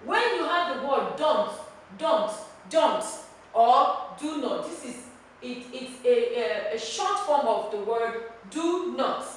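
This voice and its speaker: A woman's voice: sits high, expressive, slow, slight background noise. A woman with a Nigerian accent teaching a classroom lesson, emphatic and repeating key words as she drills the class. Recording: echoey room, mic far off.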